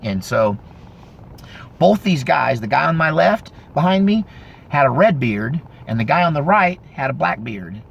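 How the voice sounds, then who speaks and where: A man in his fifties telling a story casually, in a rambling, animated way with frequent self-corrections. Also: fairly high pitch, measured pace, gravelly, breathy edge, dull audio. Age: 50s. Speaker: vlogger.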